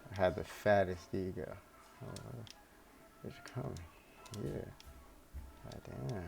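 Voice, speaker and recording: A man's voice: on the low side, slow pace, gravelly, darkish tone, slight background noise. A young man casually telling a story from his life, rambling, laid-back and full of swearing, recorded at home.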